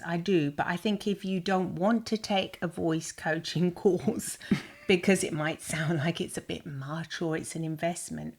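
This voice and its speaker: Middle-aged woman from England, podcast co-host, casual chat, reflective, soft at times. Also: on the low side, breathy edge.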